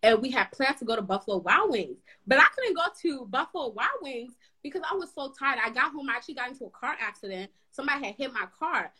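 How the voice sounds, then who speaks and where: A woman's voice: sits high, lively intonation, quick pace, few pauses, pushed and bright, husky, low-quality recording. A young woman telling a story in casual chat, acting out the people she quotes.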